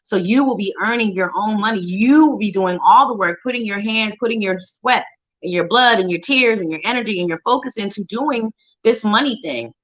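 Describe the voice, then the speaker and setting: A woman with a mid-range, fairly bright voice talks at a fairly quick clip as a psychic reader on a live show, chatty and playful, addressing viewers by name. She hums and sings little tunes while shuffling her tarot cards. The livestream audio is dull and lo-fi.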